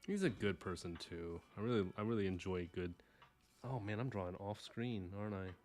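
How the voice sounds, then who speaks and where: Brief: low-voiced man from Texas, faint twang, rambling live-stream chatter, jokes at his own expense. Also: moderate pace, darkish tone, faint music behind. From Houston, Texas. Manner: rambling, self-deprecating, mutters to himself. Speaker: livestream artist. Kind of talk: casual live-stream chat while drawing.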